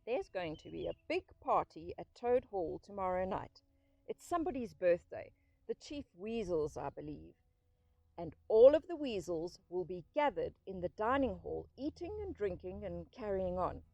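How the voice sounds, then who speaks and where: A woman's voice: on the low side, big pitch swings, normal speed, vocal fry, dry recording, dull audio, full character voice. A woman voicing a stern old badger, thin and dry. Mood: severe. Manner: severe, commanding, then gently soothing.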